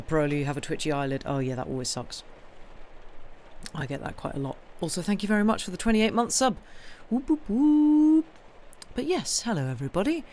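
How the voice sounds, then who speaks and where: Woman host, slightly croaky, casual chatty stream talk. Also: sits low, slight background noise. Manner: chatty and rambling, reads viewer comments aloud. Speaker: host of a story-reading stream. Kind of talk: casual chat with viewers.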